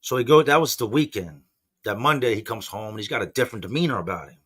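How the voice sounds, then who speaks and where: A man's voice: fairly low pitch, lively intonation, quick pace, fairly bright tone, husky. A man in his forties telling a personal story in a loose, rambling, slangy way, saying he's just woken up and isn't a morning person. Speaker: podcast host. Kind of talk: casual storytelling.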